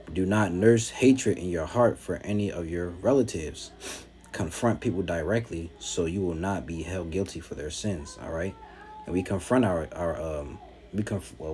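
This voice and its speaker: A man's voice: low-pitched, warm tone, slight background noise. A man preaching at home, teaching from scripture and answering critics in an emphatic, mocking way.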